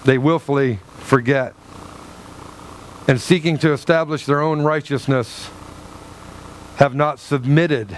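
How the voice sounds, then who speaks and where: A male pastor preaching a sermon in an animated way, acting out little dialogues with God. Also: mid-range voice, slight background noise.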